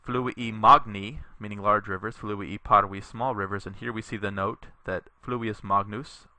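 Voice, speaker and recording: A man teaches a Latin lesson in a recorded tutorial, reading each sentence slowly so learners can repeat it. His voice sits a little low yet sounds very bright. The sound is dry and close, with no room around it. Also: fairly even intonation, dry recording. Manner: slow, deliberate reading aloud for learners to repeat; explanatory, patient, with fillers.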